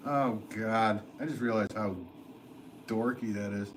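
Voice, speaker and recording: A man's voice: on the low side, unhurried, a little hiss or hum, rough recording. A man chatting casually while he works during a live stream from his pottery studio, rambling, full of fillers, and laughing often.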